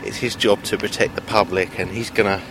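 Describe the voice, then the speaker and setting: Talking a little fast in a steady, fairly low voice, a man rambles through a video he filmed himself. He hesitates and starts over frequently, with a faint background hiss under his speech.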